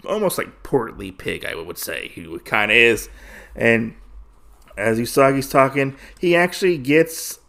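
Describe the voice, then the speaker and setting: A man hosting a podcast walks through a comic issue in easygoing chat, with lots of fillers and restarts. His mid-pitched voice swings lively up and down as he slips into quick impressions of the characters. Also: creaky. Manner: rambling, full of fillers and restarts. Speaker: podcast host. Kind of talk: casual comic book recap.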